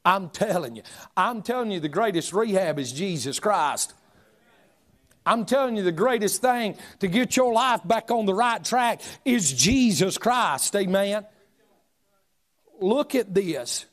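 A middle-aged man preaching a fiery sermon, shouting some points and dropping to a hush on others. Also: high voice, animated, a little slow. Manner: preaching with shouted emphasis and sudden drops to a hush. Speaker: pastor.

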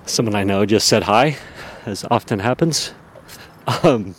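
A man's voice: on the low side, a little slow, long pauses. A man hosting a podcast, talking casually and rambling about himself with many fillers and self-deprecating asides, outdoors in a town. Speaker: podcast host. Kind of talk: casual personal monologue.

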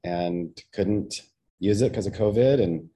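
A man co-hosting a motivational chat, speaking in a relaxed, thoughtful way. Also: lowish voice, slow. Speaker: co-host. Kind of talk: casual chat.

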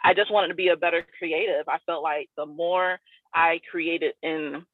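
A woman's voice: on the low side, steady tone, normal speed, no echo. Woman on a tinny phone line. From South Florida. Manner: loose and rambling, many "like" and "you know" fillers. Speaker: guest artist. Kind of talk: casual interview talk.

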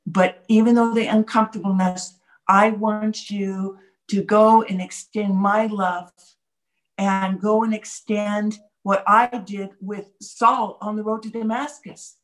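A woman's voice: mid-range voice, steady tone, slow pace. A woman co-hosting a faith podcast, speaking passionately and repeating key phrases for emphasis. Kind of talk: casual faith podcast discussion.

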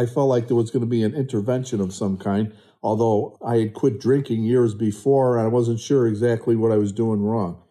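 A man in his sixties recounts a family story in an easy, conversational way. His voice is very dark and mellow, at an ordinary pitch for a man. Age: 60s. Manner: conversational, acts out quotes of family with rising pitch. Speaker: podcast guest. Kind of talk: personal storytelling.

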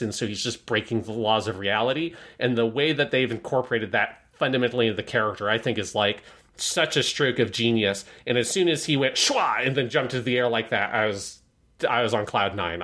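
A man co-hosting a film podcast, talking enthusiastically in casual chat and acting out lines from the show. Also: medium pitch. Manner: enthusiastic, acts out shouted lines in quotes. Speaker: podcast co-host.

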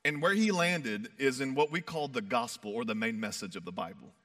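A man preaching a sermon in a conversational way, swinging from fired-up emphasis to quiet, soft passages. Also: mid-range voice, big pitch swings, a little fast. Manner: emphatic, builds to fired-up peaks then drops soft; conversational, uses "like" and "you know". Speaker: pastor.

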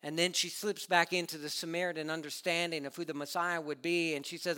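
A man preaches with fervor, his voice pitched a little high and ringing with a bright, forceful edge. He builds through repeated phrases toward climaxes, then drops to a hush. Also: brisk, few pauses, clean tone. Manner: impassioned, swinging from loud declarations to hushed tones; uses repetition and builds to climaxes. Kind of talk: sermon.

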